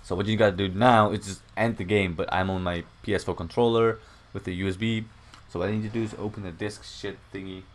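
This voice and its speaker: A man's voice: deep voice, fairly even intonation, fast talker, slight background noise. A young man casually talking through a game tutorial at home, rambling and swearing often. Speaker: gaming channel host. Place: home room.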